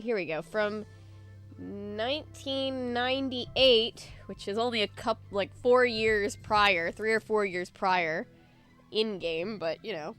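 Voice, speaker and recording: A woman's voice: mid-range voice, a bit bright. A woman hosting a let's play, chatting casually and thinking aloud while coughing from allergies. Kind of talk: casual gameplay commentary.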